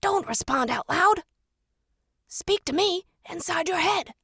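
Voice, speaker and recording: Lady voicing a snarky impatient guy, brisk and dry, close dry sound. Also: high-pitched, expressive, vocal fry, a bit bright, husky, no room sound, full character voice. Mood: exasperated. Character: impatient sarcastic young male court member.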